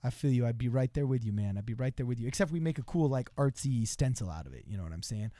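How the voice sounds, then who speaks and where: A man hosting a livestream in a casual, joking way, reading out viewer messages and reacting loudly to them. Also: mid-range voice, animated, quick pace, no echo. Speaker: livestream host.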